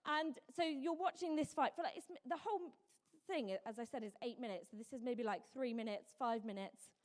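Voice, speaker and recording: A woman's voice: on the high side, a little fast. Chatty young woman preaching. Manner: chatty, self-mocking storytelling with many "like"s. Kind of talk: sermon. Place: church hall. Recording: long hall reverb.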